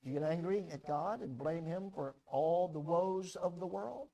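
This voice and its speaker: A male pastor delivering a sermon in an emphatic, animated way. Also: fairly high pitch, unhurried, gravelly, few pauses, low-quality recording.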